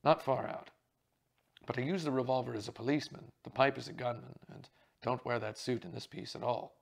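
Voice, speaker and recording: A man reading as a booming, jovial stage actor. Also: steady tone, a little fast, gravelly. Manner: breezy, booming and theatrical.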